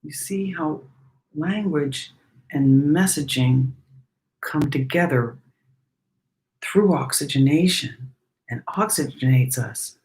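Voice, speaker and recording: A woman giving a breathing lesson, speaking gently and reflectively and singing lines of a song between her remarks. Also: very deep voice, echoey room, poor audio. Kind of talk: breathing lesson with sung demonstration.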